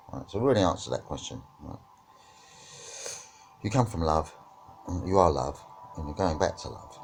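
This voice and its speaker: A man's voice: rumbling low, animated, moderate pace, creaky, pauses often, darkish tone, slight background noise. A man teaching about witchcraft and spirituality in a reflective discussion, often checking in with "right?" and "yeah?".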